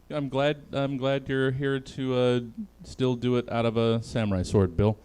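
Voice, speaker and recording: A man's voice: a little slow, clean tone. A man hosting a comedy panel show over a video call, laughing often between lines. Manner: laughs often, lively swings in pitch.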